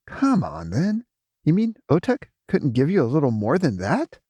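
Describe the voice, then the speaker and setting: Smudge: snappy, spiteful young male put on by a narrator, high and lively, audiobook. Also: normal speed, breathy edge, no echo, full character voice. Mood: impatient, snapping. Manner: impatient, snapping demands.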